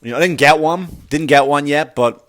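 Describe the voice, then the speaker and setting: A man's voice: on the high side, brisk, fairly bright tone. Man, middle-aged, comedy podcast host, rambling profane monologue, laughs at own jokes.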